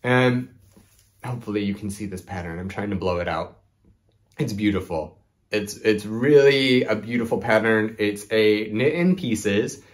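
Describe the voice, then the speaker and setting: A man's voice: lowish voice, measured pace. A young man hosting a knitting video, chatting casually to camera with lots of "like" and "um". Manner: chatty, rambling, frequent "like" and "um". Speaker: knitting podcast host.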